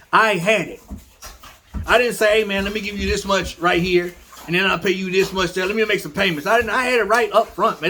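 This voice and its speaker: A man's voice: sits high, sharp tone, slight background noise. A man who breeds dogs, telling a story in a blunt, casual way and talking straight to his viewers. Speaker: dog breeder.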